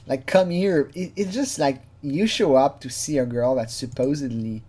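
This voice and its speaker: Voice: mid-range voice, animated, moderate pace, mellow, husky. Loose true crime reaction voice, casual, laughs a lot, curses, mimics quoted speakers. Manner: chatty, laughs often, swears, mimics people in quotes.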